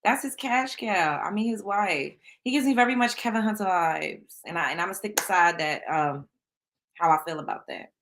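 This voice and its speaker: A woman's voice: mid-range voice, expressive, normal speed, fairly bright tone, slight background noise. A woman hosting a casual gossip show, talking bluntly and with plenty of profanity straight to her listeners. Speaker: show host.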